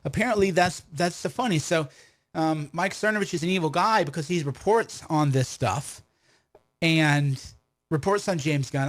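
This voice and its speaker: Hosting his own livestream, a male commentator speaks at a moderate pace in a slightly high voice. He's combative, full of rhetorical questions, and keeps restarting his sentences.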